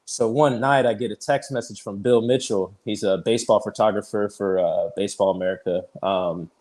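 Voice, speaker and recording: A man's voice: lowish voice, fairly even intonation, normal speed, darkish tone. Chatty man telling a story. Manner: chatty, fills speech with "like", retells conversations; laughs easily while telling stories. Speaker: guest, baseball pitcher. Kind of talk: casual storytelling in an interview.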